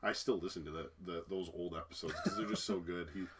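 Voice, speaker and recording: A low-pitched man talks casually as co-host of a fan chat, with frequent laughter and sentences he abandons midway. A faint steady noise sits under his voice. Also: fast. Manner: laughs often, trails off and restarts. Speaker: podcast co-host.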